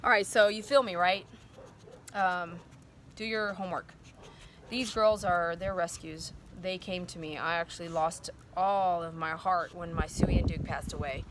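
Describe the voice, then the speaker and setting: A woman's voice: lowish voice, fairly even intonation, unhurried, a little hiss or hum. A woman dog groomer talking casually and earnestly to her viewers, rambling from thought to thought, recorded outdoors at sundown. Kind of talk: casual vlog talk to viewers.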